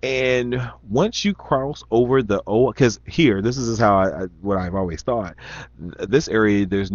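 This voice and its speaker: A man's voice: fairly low pitch, a little slow, dry recording. A young man with a slight Southern Indiana accent, chatting casually and rambling as he reads questions aloud, with many ums and restarts. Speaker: vlogger. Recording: dull lo-fi sound, dry.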